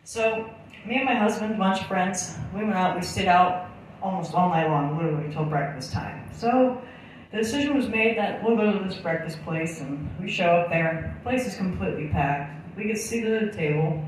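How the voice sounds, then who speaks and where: Woman comic, low-pitched, blunt and foul-mouthed, recorded in an echoey room from a distance. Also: moderate pace, a little hiss or hum. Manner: crude, sarcastic, blunt. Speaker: comedian. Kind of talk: stand-up storytelling.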